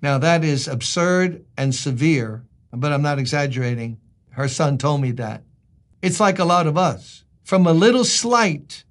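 High-voiced man preaching a sermon. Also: expressive, moderate pace. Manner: emphatic, conversational preaching with rhetorical questions. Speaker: pastor.

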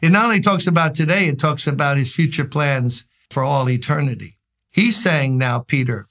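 A pastor from Brooklyn, New York delivers a daily devotional sermon in a chatty, conversational way, sprinkling in little stories and pressing his points with emphasis. His voice is a bit higher than most men's, fairly bright, at a moderate pace.

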